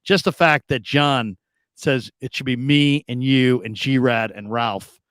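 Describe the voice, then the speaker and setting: A man in his fifties hosts a casual sports talk show, telling stories with lively swings up and down as he acts out the people in them. His voice sits at an ordinary middle pitch. The sound is close and dry, with no room around it. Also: takes it slowly, clear, resonant tone, no room sound. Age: 50s. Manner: animated storyteller, acts out other voices with big pitch jumps. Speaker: sports radio host.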